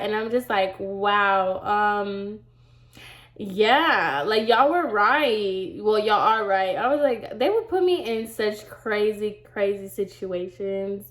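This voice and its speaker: A young woman with a stuffy nose from a cold, chatting through a rambling storytime at home, full of "like" and "y'all". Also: on the high side. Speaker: storytime vlogger. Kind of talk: casual storytime chat. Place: home room. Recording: roomy home echo.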